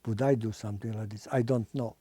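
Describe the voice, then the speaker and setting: An older man giving oral history testimony in non-native English, halting and pausing to search for words. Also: fairly low pitch, fairly even intonation, dark tone. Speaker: Holocaust survivor giving testimony.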